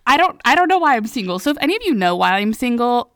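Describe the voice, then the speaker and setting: A young woman co-hosting a podcast in casual chat, self-deprecating and quick to laugh. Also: on the high side, big pitch swings, fairly bright tone, dry recording, studio quality. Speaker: podcast co-host.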